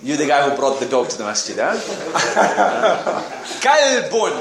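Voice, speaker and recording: A man teaching an Arabic class in English, brisk and joking, sprinkling Arabic words as he corrects students. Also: a little high, sing-song, creaky, roomy sound, a crowd in the background, poor audio. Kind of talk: classroom lesson, explaining and correcting.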